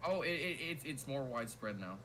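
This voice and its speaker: A young man with a Southern US accent, chatting casually while hosting a weather livestream, tripping over his words when excited. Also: medium pitch, fairly quick, a little hiss or hum, poor audio. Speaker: weather stream host.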